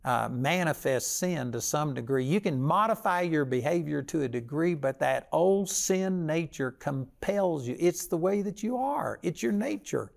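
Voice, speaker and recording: A man's voice: fairly high pitch, lively intonation, unhurried, vocal fry, hardly any pauses. An older man preaching a sermon with folksy stories and a plain, conversational delivery.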